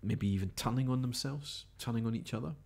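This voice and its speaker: Brisk and medium-pitched, with a creaky, dark tone, a Scottish man hosts live overnight results coverage. In a radio-style broadcast he chats casually, muses, and reads out tweets, updates and messages.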